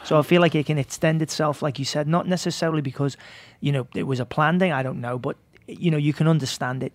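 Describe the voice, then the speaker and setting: A man's voice: a little high, no room sound. A man, talking earnestly as a guest in a casual chat. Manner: earnest, reasoning it through.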